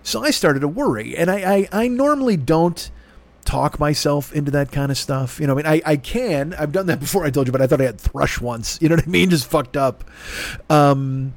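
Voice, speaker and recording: This middle-aged podcast host's voice runs fairly high and animated at a moderate pace as he rambles through a foul-mouthed, self-deprecating comedy bit. His throat sounds rough and his nose stuffy.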